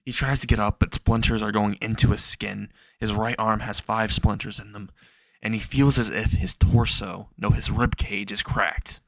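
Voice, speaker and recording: Gravelly low-voiced man narrating a story. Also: fairly even intonation, moderate pace, fairly bright tone, no echo, poor audio. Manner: unscripted, with restarts and acted quotes. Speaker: fan fiction narrator. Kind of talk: reading a fan story aloud.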